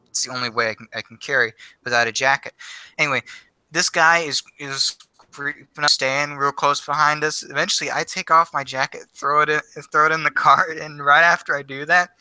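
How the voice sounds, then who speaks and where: A man chatting casually as a livestream co-host, telling stories in a relaxed way. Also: fairly high pitch, normal speed, smooth, no room sound. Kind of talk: casual chat.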